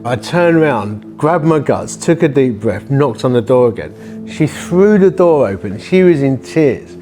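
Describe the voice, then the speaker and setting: A man's voice: mid-range voice, lively intonation, a little slow, dark tone, soft background music. A man, a church-planting vicar, telling a personal story in a conversational, vivid way and acting out the voices. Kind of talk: storytelling testimony.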